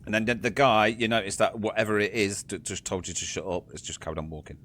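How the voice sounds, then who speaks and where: A man's voice: lowish voice, fairly even intonation, fast, a bit bright. A man narrating as game master in a casual, joking manner. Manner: casual, laughing, swearing narration.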